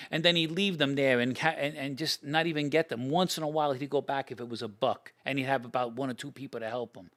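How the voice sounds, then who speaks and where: An older man, casually telling stories about old friends, animated, acting out quoted lines and often restarting his sentences. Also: mid-range voice. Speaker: podcast guest telling stories. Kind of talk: casual storytelling.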